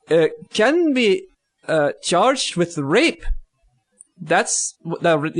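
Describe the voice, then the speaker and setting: A man's voice: high-pitched, exaggerated voice. A man putting on a hammy mock Russian accent in broken English while reading out a news item.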